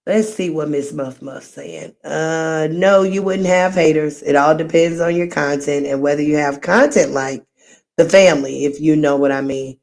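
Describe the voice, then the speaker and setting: A deep-voiced middle-aged woman with vocal fry speaks at a moderate pace while hosting a livestream. She chats casually and warmly, wandering through friendly, meandering stories.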